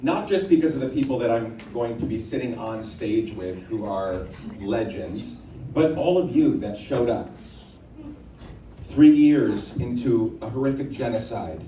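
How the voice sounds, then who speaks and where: A man's voice: medium pitch, animated, unhurried, warm tone, slight background noise. A man moderating a panel, rallying a live audience in earnest and leading call-and-response. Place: stage in a hall. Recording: roomy hall sound, distant mic.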